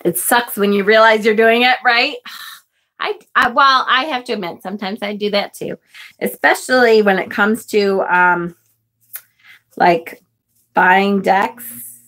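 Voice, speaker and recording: A middle-aged woman hosts a live tarot stream in a steady, fairly bright mid-range voice, taking it slowly and pausing often. Chatty and emotional, she greets viewers, reads their comments, and gasps and exclaims over the card pictures.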